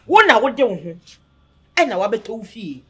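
A woman's voice: medium pitch, sing-song, brisk, darkish tone, husky. A woman with a Ghanaian accent acting an indignant woman who tells a guest to leave, speaking emphatically. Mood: scolding. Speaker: actress in a web drama. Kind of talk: dramatic dialogue.

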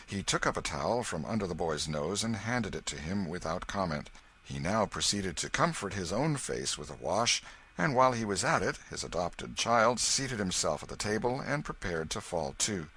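Bright, husky-voiced male narrator. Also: sits low, very animated, moderate pace, low-quality recording. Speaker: audiobook narrator. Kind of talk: scripted narration.

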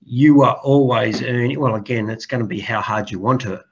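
A man's voice: mid-range voice, normal speed, gravelly, husky. A man from Western Australia, a guest in a casual interview, easygoing and laughing often. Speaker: guest from a housing builder. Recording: dull lo-fi sound.

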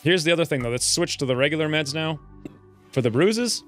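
A man's voice: a little fast, faint music behind. A man with the hiccups giving casual commentary over his own gameplay, muttering his moves and then yelping when things go wrong. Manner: excitable, jumps between calm muttering and high yelps. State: has the hiccups. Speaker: let's play gamer.

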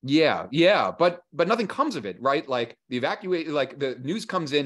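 A man at a middle pitch explains history in a relaxed interview. He tells it as a lively story and slips into casual voices for the people he quotes, with plenty of ums and restarts along the way. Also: moderate pace, few pauses. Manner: frequent fillers and restarts. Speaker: historian and author guest. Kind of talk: conversational interview.

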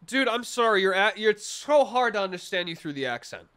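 A man's voice: sits high, fairly quick, few pauses, pushed and bright, clean tone. A young man streaming, chatting casually with his live chat in a rambling, jokey way, full of restarts and mock-serious asides.

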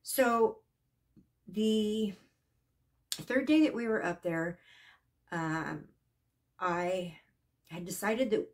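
A woman telling a personal story in a casual, earnest way, halting and shaken at times. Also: medium pitch, darkish tone. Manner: earnest, emotional, halting with restarts. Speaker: psychic vlogger.

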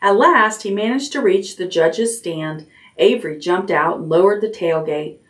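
A woman librarian reading a children's chapter book aloud at bedtime, gently, raising her voice for the characters' lines. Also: moderate pace. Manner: gentle storytelling, lifts pitch for character lines.

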